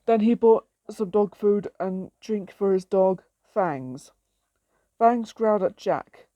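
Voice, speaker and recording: A woman's voice: mid-range voice, slow, dark tone, no room sound, muffled recording. A woman reading her own story aloud in a plain, simple storytelling way.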